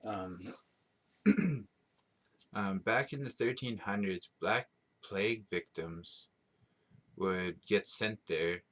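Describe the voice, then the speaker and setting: A man's voice: lowish voice, slow, pauses often, a bit bright. A young man hosting a casual solo podcast, rambling with lots of ums and restarts and chuckling at himself. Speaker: podcast host.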